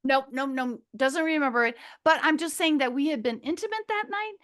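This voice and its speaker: A woman's voice: sits high, a little fast, a bit bright. A woman in her fifties from Minnesota, a podcast guest telling a long personal story in a casual, chatty way, going off on tangents, swearing freely and laughing often. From Minnesota, USA.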